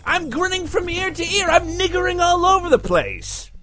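A man's voice: extremely high pitch, sing-song, moderate pace, faint music behind, pitched above the performer's own voice, exaggerated voice. A man putting on a cheerful, overly pleasant voice with pep in it. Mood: chirpy. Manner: bright cheerful sing-song put-on voice.

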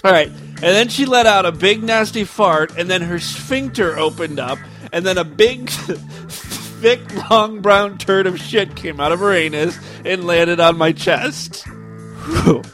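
A man's voice: high voice, measured pace, hardly any pauses, a bit bright, faint music behind. A man hosting a podcast, reading a listener's story aloud and breaking off for wry asides. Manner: wry asides between read passages. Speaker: podcast host.

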